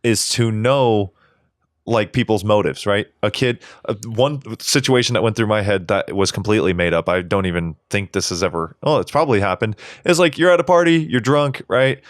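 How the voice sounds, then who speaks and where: A man's voice: on the low side, moderate pace, no room sound, studio quality. A man co-hosting a podcast in casual chat, talking in a heated, rambling way and swearing a lot. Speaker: podcast co-host.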